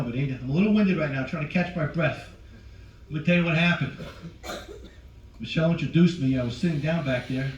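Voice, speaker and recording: Man, stand-up comedian, 40s, brash crowd work, somewhat high voice, echoey lounge, slightly distant, faint ambience. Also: dull audio, slight background noise. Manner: brash, teasing, talks to the crowd. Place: cruise ship show lounge with live audience.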